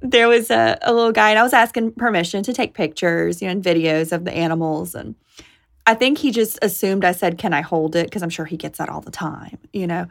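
A woman's voice: fairly low pitch, a little fast, creaky. A woman hosting a podcast, chatty and enthusiastic in casual conversation. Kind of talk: casual chat.

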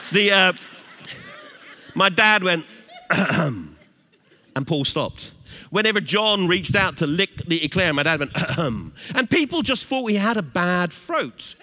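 A middle-aged English man preaching a sermon, telling a funny family story in a playful, animated way. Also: sits high, moderate pace. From England. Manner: animated, playful, laughs at his own stories. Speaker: pastor.

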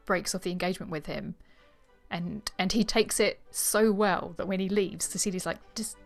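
With faint music playing behind her, a woman co-hosting a book podcast reads a novel passage aloud in a medium-pitched voice with vocal fry and a moderate pace. She acts out the dialogue expressively, then chats casually, laughing easily.

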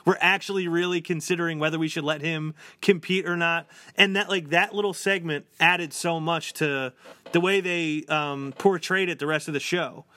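A man co-hosts a podcast in casual chat, talking loosely with plenty of fillers and restarts. His voice is on the high side, steady and sharp in tone, at a moderate pace, in a dry recording.

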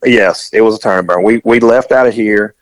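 A middle-aged man, casually telling a long, animated story and acting out the voices of the people in it. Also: lowish voice, brisk, dry recording, poor audio. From US South. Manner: rambling, animated, acts out quoted voices.

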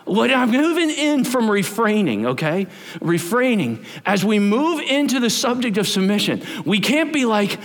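Animated high-voiced male preacher. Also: moderate pace. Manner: animated, chatty, banters with the congregation. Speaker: pastor. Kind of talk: sermon. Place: church.

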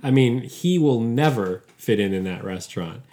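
A man's voice: mid-range voice, animated, moderate pace, dark tone. Male co-host, film talk, articulate and emphatic, analytical tone. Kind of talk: casual film discussion.

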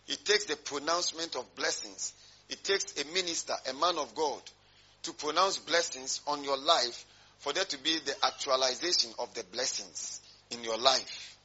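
A man's voice: mid-range voice, pushed and bright, husky, lo-fi sound. A male pastor preaching a sermon, emphatic and rhetorical, drawing call-and-response from his congregation.

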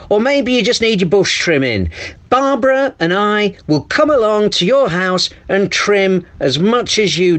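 A smarmy hedge-trimming salesman, put on by a man for a spoof radio advert. The voice sits high and swings up and down in sing-song sweeps. The patter is cheesy, in the manner of a small-business radio advert. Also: fairly bright tone, full character voice. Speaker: mock advert voice.

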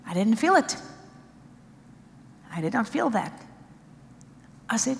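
A woman's voice: on the high side, sing-song, a little slow, vocal fry, long pauses, big-room sound. A woman preaching a sermon with emphasis, driving points home in short repeated phrases.

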